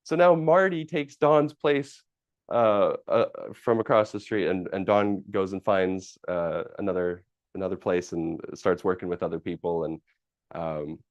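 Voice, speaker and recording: Man, low voice, host of a live session, rambling story full of fillers, dry lo-fi sound. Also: unhurried, no echo. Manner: rambling, with many fillers, restarts and casual swearing. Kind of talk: casual personal storytelling.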